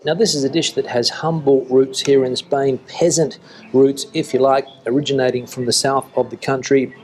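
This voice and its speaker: A man's voice: mid-range voice, moderate pace, soft background music. Chatty middle-aged man reviewing food. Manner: chatty, relaxed, with frequent fillers. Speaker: food vlogger. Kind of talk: casual restaurant review to camera. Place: restaurant in Spain.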